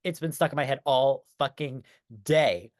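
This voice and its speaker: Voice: medium pitch, moderate pace, no room sound, studio quality. A podcast co-host in casual chat, talking enthusiastically and swearing casually.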